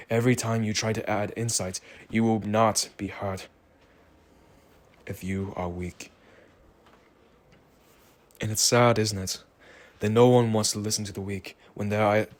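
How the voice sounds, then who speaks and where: A tired man talking slowly in a rambling, reflective solo monologue. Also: on the low side. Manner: slow, rambling, musing. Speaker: vlogger.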